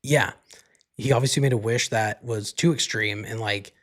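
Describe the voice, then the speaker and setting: A man's voice: fairly low pitch, fairly even intonation, moderate pace, fairly bright tone. A man hosting a solo podcast, rambling casually through a movie recap and swearing freely. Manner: laid-back, rambling, leans heavily on "like" and swears freely. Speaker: podcast host.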